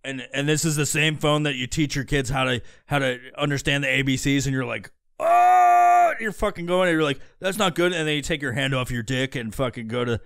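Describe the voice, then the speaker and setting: Profane, animated man on a podcast, gravelly voice. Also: mid-range voice, quick pace, few pauses. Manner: profane, animated, acts out voices mid-story. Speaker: podcast host. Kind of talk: crude comedic podcast rant.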